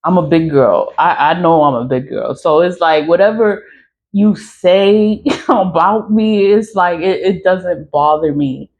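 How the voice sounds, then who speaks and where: A woman's voice: lowish voice, unhurried, a little mellow, dull audio. A woman in her forties speaking frankly to her phone camera in a casual vlog rant, swearing and laughing often. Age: 40s. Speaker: online creator.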